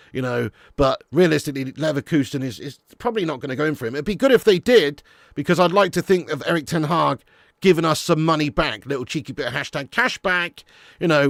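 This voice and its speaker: A man's voice: fairly high pitch, gravelly, fairly bright tone, dry recording, clean studio sound. A man hosting a live football fan stream, talking bluntly and casually, swearing and calling viewers "lad" and "mate". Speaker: football channel host.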